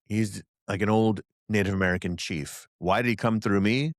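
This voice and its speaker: A man's voice: on the low side, moderate pace, no echo, clean studio sound. A man, a guest psychic channeler, telling stories in a casual interview and acting out the voices he quotes. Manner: animated storyteller who acts out quoted voices.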